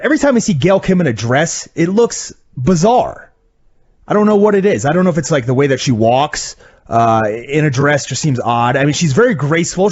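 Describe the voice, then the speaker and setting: Male podcast co-host, higher voice, animated, wry rambling recap, lo-fi sound. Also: husky. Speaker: podcast co-host reviewing wrestling. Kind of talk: casual recap chat. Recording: dull lo-fi audio.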